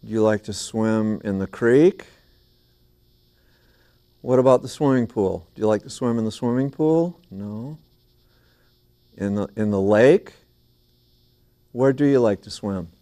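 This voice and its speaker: A man hosting a children's TV show in a small studio, singing and chatting playfully and gently with young viewers and a puppet duck. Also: lowish voice, unhurried, long pauses. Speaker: children's TV host.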